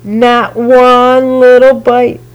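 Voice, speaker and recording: A woman reading a children's picture book aloud in a slow, expressive, sing-song way. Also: on the high side, smooth, muffled recording. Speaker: storyteller.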